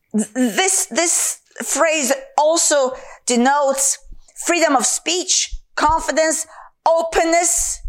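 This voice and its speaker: A woman with a very high voice preaches a Bible teaching with slow, deliberate pacing. Her pitch swings widely as she stresses words and repeats short phrases for emphasis. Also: fairly bright tone. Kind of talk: sermon teaching.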